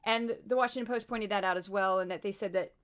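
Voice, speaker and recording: A woman with a Midwestern American accent hosting a podcast, talking in a chatty, animated way with asides. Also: mid-range voice, quick pace, clear, resonant tone. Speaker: podcast host. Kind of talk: casual commentary.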